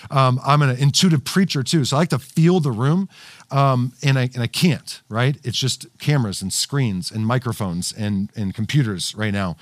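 A man's voice: medium pitch, moderate pace, no echo. A man preaching a sermon to a livestream audience, talking casually with many fillers, restarts and frequent "right?" asides. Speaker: pastor. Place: studio with cameras and screens.

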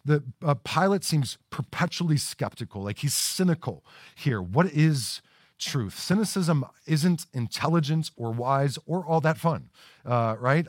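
A male pastor delivers a conversational sermon to people watching at home. His voice sits at a middle pitch and stays casual, with frequent restarts and repeated words. The sound is dry and close, with no room echo. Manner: conversational, repeats words when starting sentences. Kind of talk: livestreamed sermon.

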